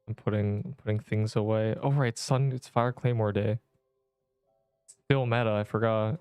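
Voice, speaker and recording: Smooth-voiced man ranting to his stream. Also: on the low side, steady tone, moderate pace, a little mellow, dry recording, faint music behind. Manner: rambling, exasperated banter with chat, heavy slang. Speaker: gaming streamer. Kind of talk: casual livestream chatter while playing.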